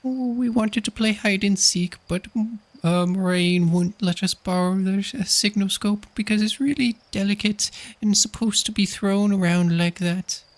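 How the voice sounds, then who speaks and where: Man putting on a squeaky eager little kid. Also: moderate pace, hardly any pauses, lightly acted. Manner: pleading, bouncy, excited. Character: eager little kid begging to play hide and seek.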